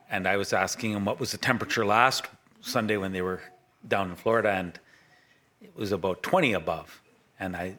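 A man's voice: on the low side, sharp tone, a little hiss or hum. A middle-aged man from Canada preaching a sermon in a loose, rambling, conversational way, often restarting his sentences. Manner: rambling, self-correcting, conversational. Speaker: pastor.

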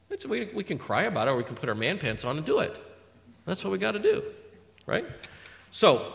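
Lively, bright-voiced man preaching. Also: mid-range voice, creaky. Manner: animated, swings from loud emphasis to quiet asides. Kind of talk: sermon. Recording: long hall reverb.

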